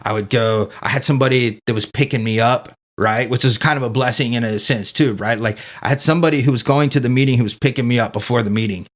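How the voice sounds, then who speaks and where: A man's voice: medium pitch, fast talker, hardly any pauses. A man as a podcast guest telling his story in a casual, candid way, swearing freely and leaning on fillers like "dude" and "man".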